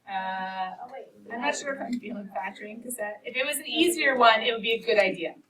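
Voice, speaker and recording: A woman's voice: on the high side, brisk, crowd noise. A woman teaching a precalculus class, encouraging and playful, talking about equations as if they were people. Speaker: math teacher. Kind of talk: classroom lecture. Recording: distant mic with faint noise.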